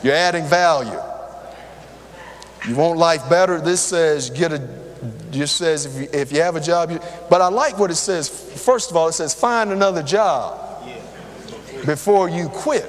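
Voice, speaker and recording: Older man, preacher, high voice, conversational sermon, long church reverb. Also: unhurried, slight background noise. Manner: lively, conversational, talks straight to the crowd. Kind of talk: sermon with personal stories. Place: church hall.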